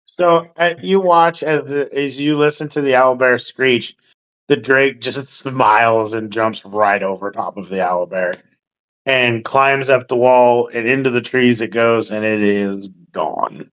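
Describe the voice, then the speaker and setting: Slow-talking laid-back male dungeon master. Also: mid-range voice, fairly even intonation, fairly bright tone, poor audio. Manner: laid-back, swears casually, laughs. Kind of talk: narrating a tabletop game.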